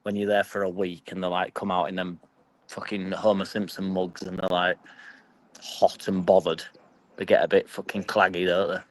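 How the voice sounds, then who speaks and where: A man's voice: deep voice, flat delivery, moderate pace, poor audio. A young man with a Yorkshire accent chatting casually and swearing freely as he reads and answers his live stream chat. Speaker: football fan vlogger.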